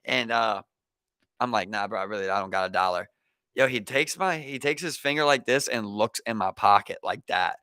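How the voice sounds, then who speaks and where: A young man with a Baltimore accent, hosting a podcast and telling a story in animated, profane slang, acting out the people in it. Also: fairly low pitch, normal speed, clean tone, no echo. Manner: animated, profane street slang, acts out quotes. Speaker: podcast host. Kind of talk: casual chat, storytelling.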